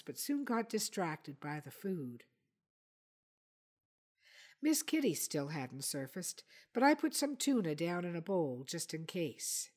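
Woman storyteller with a lowish voice, steady audiobook reading. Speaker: narrator. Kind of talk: audiobook narration.

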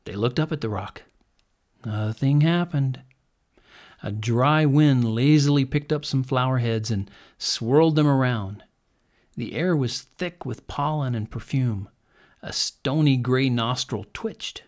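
Expressive man reading a children's story. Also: unhurried. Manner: expressive, drops to a hush at quiet moments; builds in pitch and loudness as the action rises.

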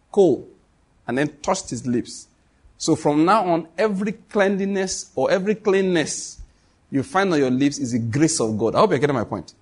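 A man preaching a sermon, telling a story and acting out the dialogue between God and the prophets. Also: fairly high pitch.

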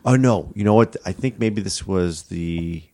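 Deep gravelly man, sardonic. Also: measured pace, warm tone, no echo. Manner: sardonic, profane, laid-back. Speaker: podcast co-host. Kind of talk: casual movie recap chat.

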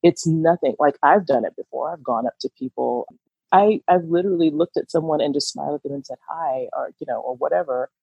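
A woman's voice: low-pitched, brisk, creaky, husky, no room sound. A woman in casual conversation, talking in a thoughtful, reflective way and laughing often. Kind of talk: casual chat. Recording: dull lo-fi dry sound.

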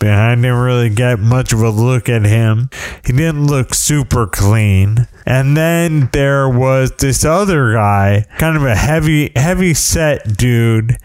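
A man's voice: mid-range voice, a little mellow, smooth, no room sound. A middle-aged man telling a rambling, wry story in casual monologue, often restarting his sentences.

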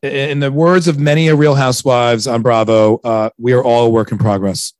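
A man's voice: mid-range voice, fairly even intonation, a little fast, a little mellow, no echo, studio quality. A man in his thirties hosting a casual chat, joking and rambling, often stumbling over his words. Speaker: podcast host.

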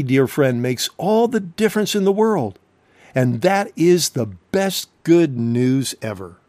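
A man's voice: fairly high pitch, darkish tone, no echo. A man preaching a recorded sermon, emphatic and fond of rhetorical questions.

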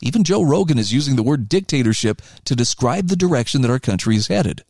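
A man's voice: medium pitch, animated, fast talker, a little mellow, no room sound, studio quality. A man reading aloud from an article and commenting on it in an earnest, emphatic way.

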